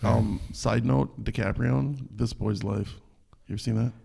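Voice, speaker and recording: A man from Minnesota with a deeply gravelly, husky voice. He is a podcast guest who tells stories with animation and swears freely in loose, casual chat. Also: fairly even intonation, normal speed, dark tone. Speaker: guest musician.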